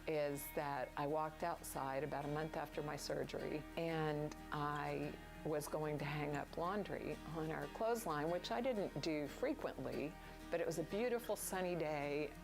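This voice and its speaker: A woman telling her story as a cancer survivor in a gentle, heartfelt, reflective way. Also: deep voice. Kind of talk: reflective testimonial. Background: soft guitar music.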